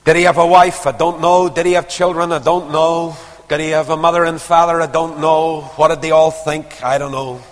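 A man preaching a sermon, telling a Bible story with dramatic swings from urgent emphasis to hushed, almost whispered lines. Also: fairly high pitch, little pitch movement, normal speed, in a large hall.

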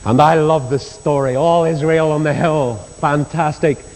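An older Northern Irish preacher tells Bible stories with a fairly high voice. His pitch climbs when he presses a point, and he acts out the voices of the people in the stories. A long reverb trails each phrase. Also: steady tone, a little slow, darkish tone. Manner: storytelling, acts out quoted voices, rises in pitch for emphasis. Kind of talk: sermon.

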